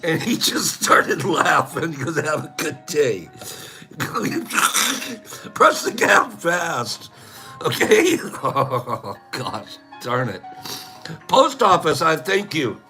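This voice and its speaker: A man's voice: a little high, drawn-out words, faint music behind. An older man hosting a casual live-stream chat, telling stories and laughing often as he acts out the people in them. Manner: chatty, laughs often, tells stories with animated quoting. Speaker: vlog host.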